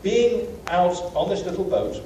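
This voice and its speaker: British guy lecturing, mellow voice, self-deprecating storyteller, distant echoey hall with faint hiss. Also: sits high, measured pace. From Britain. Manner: anecdotal, self-deprecating, many fillers. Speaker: guest lecturer. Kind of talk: humorous travel lecture.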